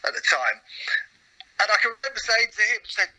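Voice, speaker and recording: A middle-aged comedian telling stories in a casual interview, reflective and full of hesitant restarts. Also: male voice, high voice, big pitch swings, a little fast, sharp tone, rough recording. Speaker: comedian and comedy writer guest.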